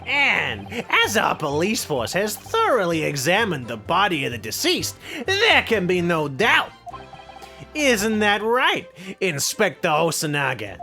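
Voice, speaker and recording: Casting: man voicing a hammy prosecutor for a game playthrough, theatrical, forceful tone, faint music behind. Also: high voice, huge pitch swings, a little slow, heavily acted. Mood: smug. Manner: grandiose and hammy. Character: pompous, theatrical male prosecutor, grand and self-important. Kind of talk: let's play character voicing.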